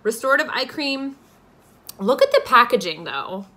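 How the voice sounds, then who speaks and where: Bright-voiced, gushing woman reviewing skincare. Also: fairly high pitch, big pitch swings, moderate pace. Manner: gushing, enthusiastic. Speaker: beauty vlogger and podcast host. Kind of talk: casual product unboxing review. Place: at home.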